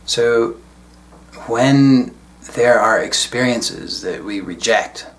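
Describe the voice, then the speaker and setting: A man speaking as a spiritual teacher in a solo video talk, reflective and unhurried with casual asides. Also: medium pitch.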